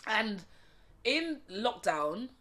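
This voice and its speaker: A woman tells stories as a podcast guest. Her voice is bright and a touch high. She talks in an animated way and swears oaths for emphasis. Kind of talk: casual chat.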